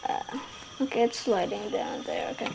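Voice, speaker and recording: A woman giving casual gameplay commentary, giggling and rambling, trailing off mid-sentence and bursting into excited shouts. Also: mid-range voice, normal speed, gravelly, background noise. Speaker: gaming YouTuber.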